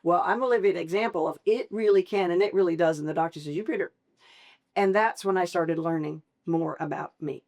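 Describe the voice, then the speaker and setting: Middle-aged woman talking about caregiving, kinda low voice, animated, jumps way up in pitch when she acts out what people say. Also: brisk, hardly any pauses. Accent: Southern American. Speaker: guest, family caregiver. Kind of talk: candid conversational interview.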